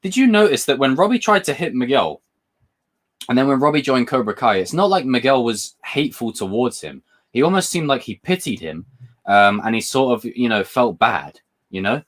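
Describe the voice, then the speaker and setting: A British man from Britain hosts a livestream in a mid-range voice with big pitch swings and a moderate pace. Speaking British English, he chats casually and rambles between topics while reading viewer comments.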